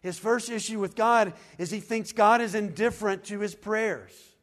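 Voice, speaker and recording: A man with a high voice preaches a sermon. He is earnest, rising into loud pleading and then dropping to hushed, low lines. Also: moderate pace, few pauses. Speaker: pastor.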